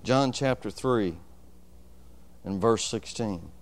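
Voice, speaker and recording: A man's voice: lowish voice, takes it slowly. A man pastor preaching a sermon, telling a personal story and calling out to the congregation for agreement.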